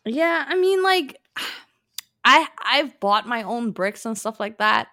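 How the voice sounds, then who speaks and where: A woman hosting a casual podcast, animated and talking straight to her listeners about the news. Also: fairly high pitch, slow, creaky, dry recording, clean studio sound. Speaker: podcast host presenting news. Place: lives in New York.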